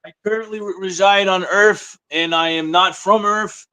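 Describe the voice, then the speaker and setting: A man with a Massachusetts accent chats casually as a rapper guest, joking and laid-back. His voice sits a little high for a man, and he rambles a bit, dropping asides and deadpan gags. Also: normal speed, clean tone. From Massachusetts, USA. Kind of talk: casual interview chat.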